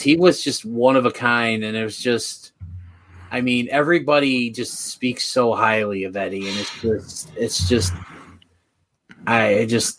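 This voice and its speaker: A man co-hosting a podcast, talking casually in halting bits with many restarts. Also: lowish voice, fairly bright tone, slight background noise. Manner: halting, full of restarts and fillers. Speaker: podcast co-host.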